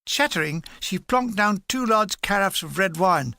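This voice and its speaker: Man reading a comic memoir, dry wit, bright edgy tone, dry close sound. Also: sits high, animated, a little slow, creaky, dry recording. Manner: dry, playful storytelling. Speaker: audiobook reader. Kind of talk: reading a humorous war memoir aloud.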